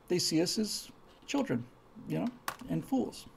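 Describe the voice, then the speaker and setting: A man's voice: high voice, big pitch swings, a little slow, gravelly, slight background noise. A man hosting a live stream, rambling through opinionated commentary and reading out viewer comments, heated and emphatic, repeating words as he gets worked up.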